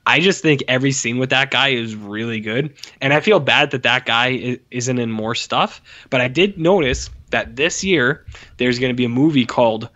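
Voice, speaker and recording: A man's voice: mid-range voice, normal speed, sharp tone, highs cut off. A man co-hosting a podcast, chatting casually about a film, rambling with many fillers and acting out scenes in little voices. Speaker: podcast co-host. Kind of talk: casual film review chat.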